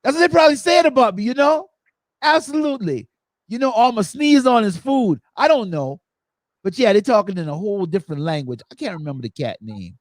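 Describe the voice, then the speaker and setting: A man hosting a podcast, telling stories in a lively way and acting out the quotes. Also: sits high, fast talker, no room sound, clean studio sound. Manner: animated storytelling, acts out quotes. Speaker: podcast host. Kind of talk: casual chat.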